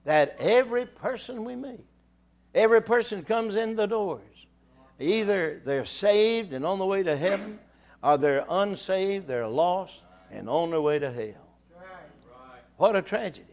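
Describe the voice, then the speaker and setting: An older preacher with a drawl and a slightly high voice for a man delivers a sermon from the pulpit with an animated, darkish tone. He trips over repeated words and little fillers, restarting haltingly before rising into fervent, rousing exhortations to his listeners.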